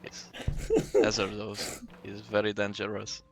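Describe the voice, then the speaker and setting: A man with a low, gravelly voice answers in short, deadpan lines. He stays in character as staff of a house during a game roleplay. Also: unhurried.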